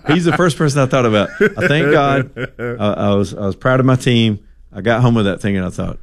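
A male radio host from Alabama, telling stories in an animated, ad-libbing talk radio manner and reading a sponsor plug. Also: on the low side, moderate pace, long pauses, dry recording. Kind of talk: talk radio chat and storytelling.

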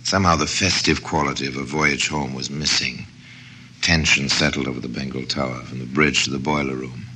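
A man giving measured, dramatic narration for an old radio drama. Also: rumbling low, fairly even intonation, sharp tone, a little hiss or hum.

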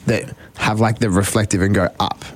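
A man's voice: on the low side, fairly even intonation, normal speed, no room sound. A man co-hosting a breakfast radio show in chatty banter. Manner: chatty, laughing asides. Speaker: radio co-host.

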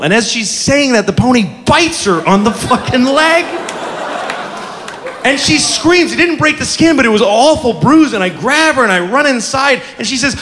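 Middle aged guy doing standup, high voice, bouncy and all over the place, swears a lot, big crowd laughing. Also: moderate pace, big-room sound, noisy background. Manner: animated storytelling, swearing, acting out voices. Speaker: stand-up comedian. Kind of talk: stand-up comedy routine. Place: comedy club stage. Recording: live club with laughing audience.

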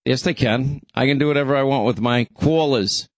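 A man with a New York accent hosts talk radio from a studio. He talks fast and teasing, bantering with his co-host. The sound is dry and close, with no room echo. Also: medium pitch. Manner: quick, joking, teasing. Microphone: studio microphone.

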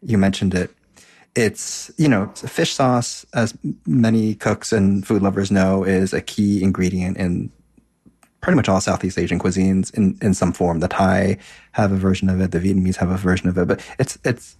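A man hosting a casual interview, asking curious questions in a relaxed, drawn-out way. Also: low-pitched, slightly rough. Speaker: podcast host.

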